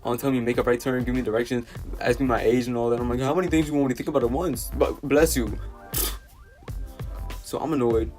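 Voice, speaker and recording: A teenage guy tells a story to camera in a lively, exasperated way, stumbling over his words and piling on fillers. His voice sits at an ordinary middle pitch, with faint music playing underneath. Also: fast, long pauses. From New York City. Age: teens. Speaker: vlogger. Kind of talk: storytime vlog.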